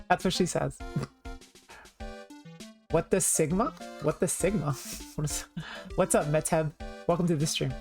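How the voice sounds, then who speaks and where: A woman's voice: deep voice, normal speed, long pauses, faint music behind. A young woman streamer chatting casually and joking with her viewers while playing, often repeating herself.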